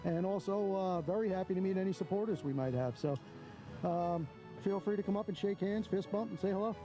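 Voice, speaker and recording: Outdoors near a parking lot, a man who audits police on camera gives blunt, mocking running commentary to his lens. His voice sits high and moves briskly, with music playing underneath.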